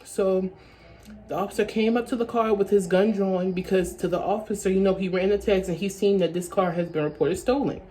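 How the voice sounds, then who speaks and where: A young woman telling a story from her own life in a casual vlog, talking in quick bursts that restart and repeat phrases. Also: medium pitch, fairly even intonation, mellow, slight background noise, poor audio. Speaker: vlogger.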